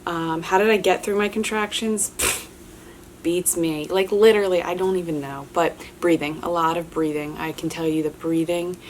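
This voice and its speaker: A woman's voice: lowish voice, fairly even intonation, moderate pace, a little hiss or hum. A young woman vlogger chatting candidly as she answers viewer questions, with lots of filler words and restarts. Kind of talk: casual chat.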